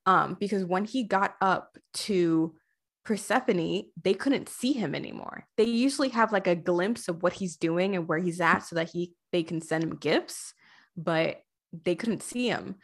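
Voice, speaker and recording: A woman's voice: on the low side, a little slow. Gushing woman retelling a video game. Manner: gushing, animated retelling with many fillers. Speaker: podcast guest. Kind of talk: casual podcast chat about a video game.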